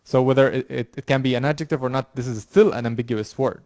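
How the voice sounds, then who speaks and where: A man's voice: mid-range voice, a little mellow, dry recording, studio quality. A man lecturing a university class, explaining with frequent fillers, repeated words and restarts. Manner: halting, many fillers and restarts. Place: lecture room.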